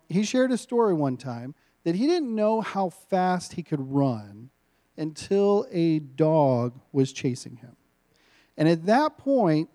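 A man's voice: on the high side, darkish tone. A man in his thirties preaching as a guest speaker, informal and self-mocking, with frequent laughs between lines. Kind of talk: sermon.

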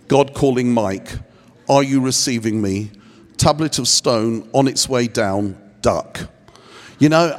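A man teaching on prayer, acting out little scenes with self-deprecating humor. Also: a little high. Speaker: speaker at a prayer training session. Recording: long hall reverb.

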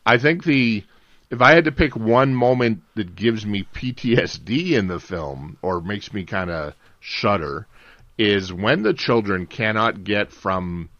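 A man with a very low voice talks through a film in a casual podcast chat. He rambles and often restarts his sentences. The sound is dull and lo-fi, and quite dry. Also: lively intonation, unhurried, a bit bright, no echo. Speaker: podcast co-host.

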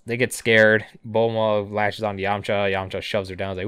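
Guy recapping cartoon episodes on a podcast, sarcastic, cusses a lot, smooth lowish voice, dry close sound. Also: flat delivery, normal speed, fairly bright tone, no echo. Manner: sarcastic, swears a lot, acts out characters' lines. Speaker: podcast co-host. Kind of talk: casual recap chat.

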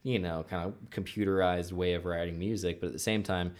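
A man's voice: deep voice, fairly even intonation, fairly quick, a little mellow. A man hosting a podcast, telling long rambling stories in casual chat and acting out quotes. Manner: rambling storyteller, acts out quotes.

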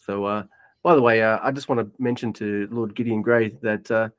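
A man from Australia co-hosting a casual podcast chat, relaxed and swearing casually. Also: lowish voice, brisk, no echo. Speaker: podcast co-host.

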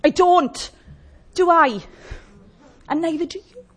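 A woman's voice: very high-pitched, slow pace. A woman preaching a sermon in a conversational way, often asking the congregation questions.

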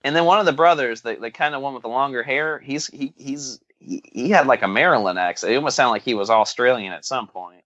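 A man's voice: mid-range voice, fairly quick, hardly any pauses, bright, forceful tone, dry recording, highs cut off. A man co-hosting a podcast in casual chat, rambling and tripping over his words with folksy slang. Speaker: podcast co-host.

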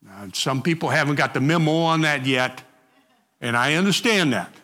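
A man leading a group Bible study, reading passages and talking them through in a halting, conversational way with frequent restarts. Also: fairly high pitch, lively intonation, bright, forceful tone, long reverb tail.

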